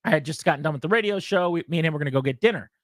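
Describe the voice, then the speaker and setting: Male radio host, chatty storyteller, slightly high voice, dry close mic. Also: very fast, no echo. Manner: animated storyteller, acts out quotes with laughs. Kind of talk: casual sports talk storytelling.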